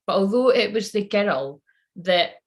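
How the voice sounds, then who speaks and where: A woman's voice: medium pitch, expressive, unhurried. A woman who works as a spiritual channeler, rambling casually on a live stream, swearing freely and talking straight to her viewers.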